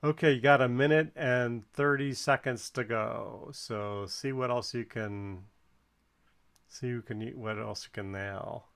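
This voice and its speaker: A man's voice: medium pitch, steady tone, measured pace, vocal fry, a bit bright, clean tone. A man giving casual, encouraging play-by-play while someone else flies in a video game, counting the balloon score aloud. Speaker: co-commentator watching a flight game.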